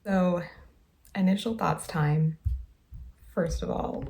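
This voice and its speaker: A woman's voice: on the low side, slow, gravelly, a little hiss or hum. A woman hosting a casual music video reaction, gushing and exclaiming often. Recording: loud music behind the voice. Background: music playing.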